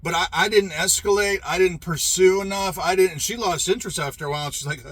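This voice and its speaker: A man's voice: high-pitched, brisk, few pauses, fairly bright tone, husky, no room sound. A middle-aged man telling a personal story in a rambling, profane, emphatic way, with frequent restarts. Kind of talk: casual storytelling monologue.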